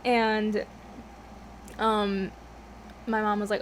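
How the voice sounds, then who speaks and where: A woman's voice: medium pitch, moderate pace, slight background noise. A young woman vlogging at home, chatting casually while she eats, rambling off topic, swearing often and laughing a lot. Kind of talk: casual mukbang chat.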